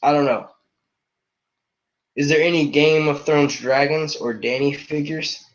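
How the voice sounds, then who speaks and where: Excitable, profane young-sounding man, lo-fi. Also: on the high side, a little slow. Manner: excitable, profane, slangy, jumps between topics. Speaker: YouTube reviewer streaming to viewers. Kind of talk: casual live-stream chat.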